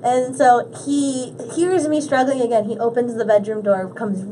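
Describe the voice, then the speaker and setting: A woman guest on a podcast, chatting casually and telling animated stories while acting out the quotes. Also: on the high side, normal speed, a crowd in the background. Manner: animated storyteller, acts out quotes. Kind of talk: casual chat.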